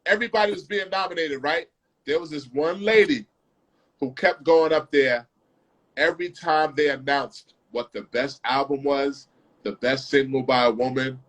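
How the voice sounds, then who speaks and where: A man, a music producer, telling studio stories in a casual, animated way, repeating phrases and humming melodies. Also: medium pitch. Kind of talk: casual storytelling.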